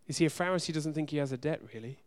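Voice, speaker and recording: A man preaching a sermon, speaking earnestly and directly to his congregation, swinging from loud urgency to soft hushed moments. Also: fairly high pitch, racing. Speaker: pastor.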